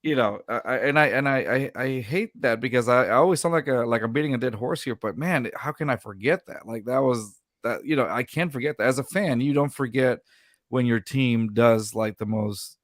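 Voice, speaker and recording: A man's voice: mid-range voice, brisk, no echo, clean studio sound. A man hosting a casual sports podcast, rambling and restarting sentences, laughing often. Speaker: podcast host.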